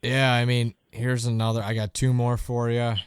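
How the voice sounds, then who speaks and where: A man's voice: medium pitch, completely flat delivery, moderate pace, clear, resonant tone, no room sound. A man hosting a podcast interview, chatting casually and swearing freely, often trailing off mid-thought. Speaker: podcast host.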